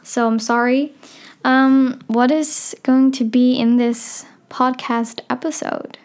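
A woman's voice: sits high, level tone, slow, darkish tone, clean tone. A fifteen-year-old girl from the Netherlands with a Dutch accent, chatting casually and rambling on her own podcast, full of fillers and apologies. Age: teens. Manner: chatty, rambling, self-deprecating, many fillers. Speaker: podcast host. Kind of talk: casual solo podcast chat.

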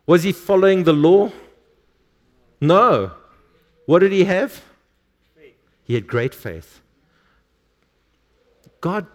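A male pastor preaching a sermon, reading scripture aloud and stressing words emphatically. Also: a little high.

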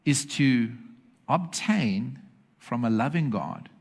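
A man's voice: mid-range voice, lively intonation, slow, a little mellow, breathy edge. Emphatic male preacher. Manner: emphatic, asks the congregation for agreement. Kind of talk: sermon. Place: church with congregation.

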